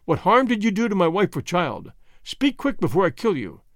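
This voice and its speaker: A man's voice: fairly high pitch, very animated, brisk, no room sound, clean studio sound. A man voicing a fierce, vengeful jungle-raised English lord, growling menacing demands. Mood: threatening.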